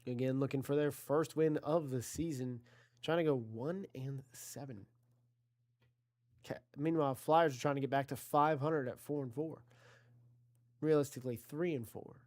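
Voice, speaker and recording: A man's voice: medium pitch, moderate pace, a little mellow. A man giving casual play-by-play commentary on an online video game football league, chatty and self-correcting, talking to his chat and rising on big plays.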